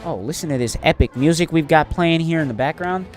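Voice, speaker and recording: A man hosting a gaming channel, giving casual gameplay commentary that turns animated and boastful. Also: a little high, a little fast, soft background music. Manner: animated, trash-talking, boastful in bursts.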